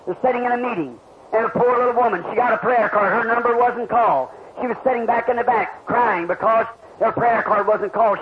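A man preaching a revival sermon to a crowd, telling healing stories and asking the listeners questions. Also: very high-pitched. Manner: fervent, storytelling, asks the crowd questions. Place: large meeting hall. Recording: dull lo-fi archival tape with hiss.

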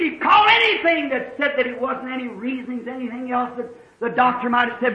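A man preaching a fervent sermon, rising to shouts as he tells stories. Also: very high-pitched, fairly quick. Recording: dull lo-fi old tape.

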